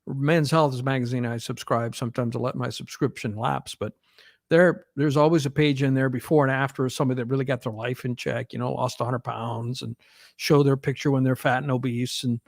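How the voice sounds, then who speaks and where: A man's voice: mid-range voice, fairly even intonation, fairly quick, creaky, no echo, clean studio sound. A man co-hosting a podcast, talking casually in long, rambling stretches with frequent restarts. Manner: rambling, restarts often, laughs easily. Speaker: podcast co-host. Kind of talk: casual chat.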